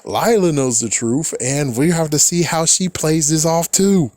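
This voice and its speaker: A man recapping a cartoon episode in casual talk, swearing often, with exasperated loud outbursts and quick laughs. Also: a little high, no room sound. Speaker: reaction commentator.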